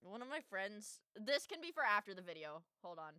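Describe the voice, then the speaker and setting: A woman's voice: medium pitch, big pitch swings, fairly quick, sharp tone, smooth, dry recording. A young woman streaming, reacting to a video in blunt, profane, jokey casual commentary.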